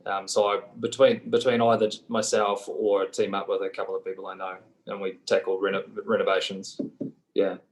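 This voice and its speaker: A man with a New Zealand accent, a guest telling his story in a relaxed way with many fillers. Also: low-pitched, moderate pace, poor audio. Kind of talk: casual interview.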